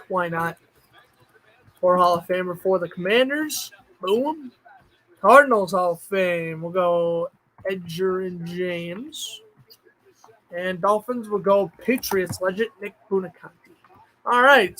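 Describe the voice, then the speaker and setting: A male streamer with a notably high voice talks casually to his chat. He thinks out loud as he goes and now and then breaks into excited outbursts. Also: a little slow, low-quality recording. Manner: chatty, thinks aloud, bursts of excitement. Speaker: streamer host.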